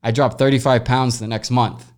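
A man's voice: medium pitch, flat delivery, moderate pace. A young man hosting a casual solo podcast, reading listener questions and giving blunt, rambling advice with plenty of swearing, recorded at home. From United States. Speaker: podcast host. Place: home room with echo, sound pads set up. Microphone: camera recording, speaker moves off-mic at times.

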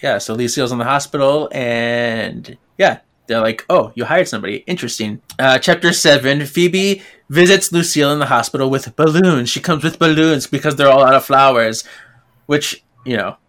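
Man, podcast co-host, animated recap, casual, medium pitch. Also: moderate pace. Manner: animated recapping, acts out characters. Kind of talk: casual book discussion.

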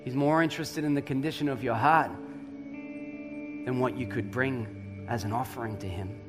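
A man's voice: mid-range voice, fairly even intonation, moderate pace, over music. A middle-aged man preaching a sermon, telling stories with dry humor and building to emphatic points. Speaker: pastor.

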